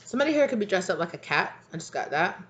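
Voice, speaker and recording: A woman's voice: on the low side, sing-song, racing, fairly bright tone. Woman, tarot reader, casual card reading, rambling, lots of fillers. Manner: rambling, with many fillers and laughs.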